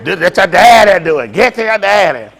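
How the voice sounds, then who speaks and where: A man's voice: sits high, very animated, fairly quick, vocal fry, fairly bright tone, voice pushed up, exaggerated voice. A man voicing his wife as a harsh, mocking mother who threatens her kids. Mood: scolding, mocking.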